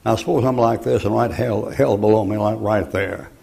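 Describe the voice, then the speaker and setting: An older preacher delivers a folksy sermon full of jokes and acted-out stories. His voice is dark and gravelly, and it sounds like a live church recording. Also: on the low side, moderate pace.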